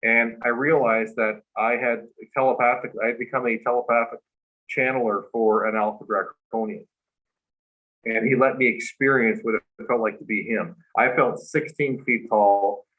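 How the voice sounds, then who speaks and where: A man with a mid-range voice, neither high nor low, earnestly recounting a personal story as a show guest. He rambles and leans on little fillers as he goes. The sound is a bit dull and lo-fi, like livestream audio. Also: fairly even intonation, moderate pace. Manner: earnest, rambling, heavy with "like" and "you know".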